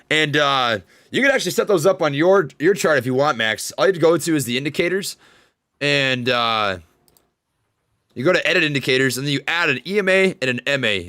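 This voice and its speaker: A young man with a Minnesota accent hosting a live trading podcast, talking fast and hyped. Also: mid-range voice, no room sound, studio quality. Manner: fast-talking, energetic hype. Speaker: podcast host. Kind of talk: casual trading livestream chat. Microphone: studio desk microphone.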